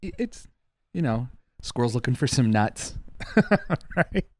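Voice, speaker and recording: A man's voice: mid-range voice, sing-song, slow. A young man co-hosting a casual comedy podcast, telling a mock-conspiratorial story with lots of swearing and put-on voices. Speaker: podcast co-host.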